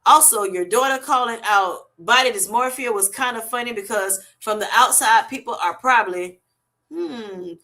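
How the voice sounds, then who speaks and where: A woman hosts a laid-back live chat, reading comments and playfully riffing on them. Her voice sits a little high and sounds bright and forward. She laughs often and calls viewers honey and baby. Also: normal speed. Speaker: livestream host reading chat.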